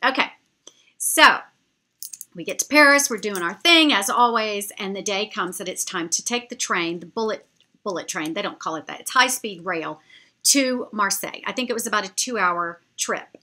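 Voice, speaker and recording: A woman telling a travel story to her viewers in a chatty, animated way. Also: mid-range voice, moderate pace. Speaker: vlogger. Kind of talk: storytelling travel anecdote to camera.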